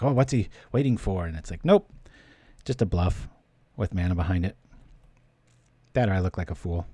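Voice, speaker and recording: Low, mellow-voiced man streaming a card game. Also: dry recording. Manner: chatty, thinks aloud, thanks viewers. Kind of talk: casual gameplay commentary.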